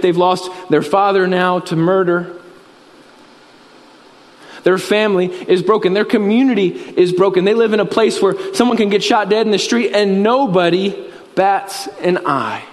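A man preaching a sermon, telling a story earnestly and dropping his voice low and soft at solemn moments. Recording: reverberant hall.

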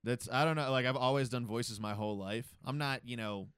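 A man's voice: medium pitch, fairly quick, fairly bright tone, smooth, dry recording. A young man from the US East Coast, co-hosting a comedy podcast in casual, rambling banter full of swearing. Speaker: podcast co-host.

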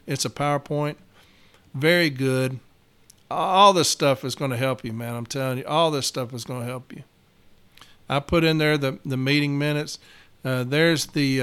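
A man's voice: on the high side, fairly bright tone, clear, resonant tone. A man, a union steward talking blunt and profane in a casual podcast monologue, getting fired up.

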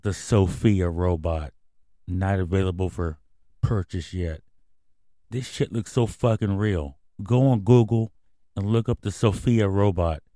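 A man's voice: fairly low pitch, dark tone, dry recording, studio quality. A man hosting a comedy radio show, ranting in a profane, rambling, conspiratorial way. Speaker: host. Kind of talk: casual radio rant.

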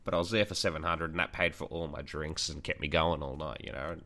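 A man's voice: a bass voice, fairly even intonation, fast, pushed and bright. A young man co-hosting a casual podcast, rambling through a crude anecdote with plenty of swearing. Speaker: podcast co-host.

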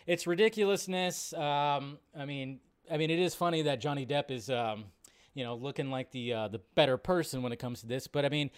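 A man hosting a live show, chatting casually in a rambling way and swearing often during animated rants. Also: medium pitch, a little fast, clean tone. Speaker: host.

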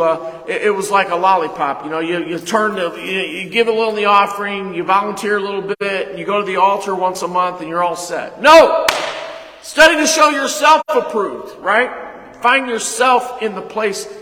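A man preaching a sermon as pastor, leading call-and-response and retelling a conversation, with sudden loud emphasis. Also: sits high. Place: church sanctuary. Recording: echoey hall reverb.

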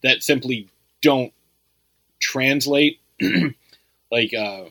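A man chatting about films in a relaxed, meandering way, padding his thoughts with fillers and restarts. His voice is bright and forward, mid-pitched, recorded close and dry with no room sound. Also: drawn-out words, creaky, no echo, poor audio. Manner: rambling, lots of "like" and "you know" fillers. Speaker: podcast co-host. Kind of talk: casual movie review chat.

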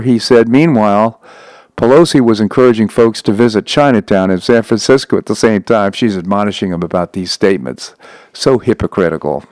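A man's voice: fairly low pitch, darkish tone, dry recording, rough recording. A man hosting a talk show, reading news items aloud and breaking off for asides, with frequent slips and restarts. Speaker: radio talk show host.

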